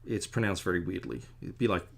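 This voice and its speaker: Creaky-voiced man rambling while drawing. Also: sits low, steady tone, brisk. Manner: chatty, digressive, self-deprecating. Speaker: artist drawing a commission.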